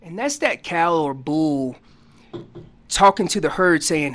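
A man on a radio show explaining elk calls in a folksy, animated way, acting out what the animals are saying. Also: a little high, slow pace, a little hiss or hum. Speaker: elk calling guest expert. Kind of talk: casual radio interview explanation. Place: radio studio.

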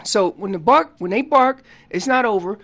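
A man guest on a radio show explaining hunting calls in a casual, animated way, acting out what the animals are saying. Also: sits high, moderate pace. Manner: loose casual grammar. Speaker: elk calling champion guest. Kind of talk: instructional radio interview.

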